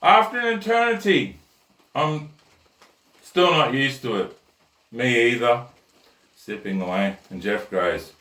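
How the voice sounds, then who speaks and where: A man's voice: mid-range voice, expressive, slow pace, long pauses, bright, forceful tone. Blunt man telling crude jokes. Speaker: host. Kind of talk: comic rant and joke telling. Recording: roomy echo, mic at a distance.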